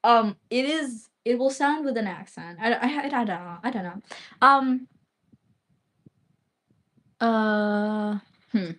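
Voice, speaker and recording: A young woman talks casually on her own livestream, answering viewers as she goes. Her voice sits a little high, and her speech wanders with constant "like" and "um" fillers. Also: expressive, takes it slowly, pauses often, a bit bright. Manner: rambling, heavy use of "like" and "um" fillers. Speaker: livestream host.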